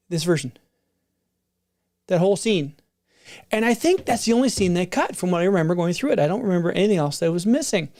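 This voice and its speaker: This middle-aged reviewer of new films chats off the cuff, rambling, restarting and digressing often. The voice is mid-range with a darkish tone.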